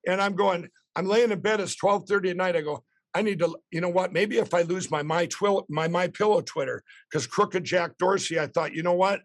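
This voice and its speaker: A man's voice: high-pitched, moderate pace. A middle-aged man telling a long story as a podcast guest, rambling with restarts and acting out quotes. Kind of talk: animated storytelling.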